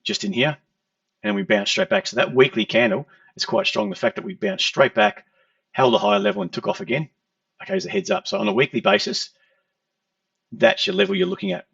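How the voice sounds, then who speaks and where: A trading teacher talks through charts conversationally, explaining each step and often adding "okay." His voice is a little high, sing-song, brisk, and gravelly with a fairly bright tone. Without echo, the recording is still dull, lo-fi, and distant from the mic.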